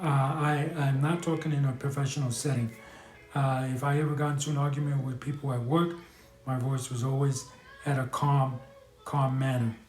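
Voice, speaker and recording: On a casual advice live stream, the host, a man from New York, talks frankly and earnestly, often restarting and using fillers. His pitch is a bit high for a man, his tone somewhat dark, and the room gives a noticeable echo.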